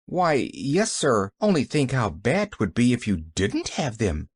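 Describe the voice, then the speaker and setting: A man's voice: mid-range voice, huge pitch swings, unhurried, husky, no echo, heavily acted. A man voicing a cheerful, talkative little girl who chatters eagerly in an audiobook reading.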